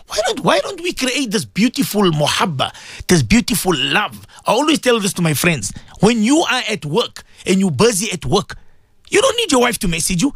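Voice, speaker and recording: Male Islamic radio host, preachy and fervent, high lively voice with husky edges, piles on rhetorical questions. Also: normal speed, no echo, clean studio sound. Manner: impassioned, repeats words, many rhetorical questions. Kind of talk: preaching radio talk to listeners.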